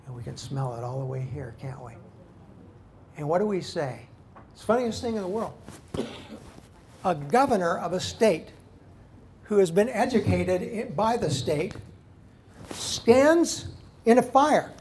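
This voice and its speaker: A man preaching a sermon, swinging between loud, fiery outbursts and quiet, earnest passages. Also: high voice, expressive, moderate pace, long pauses, a little hiss or hum. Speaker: pastor.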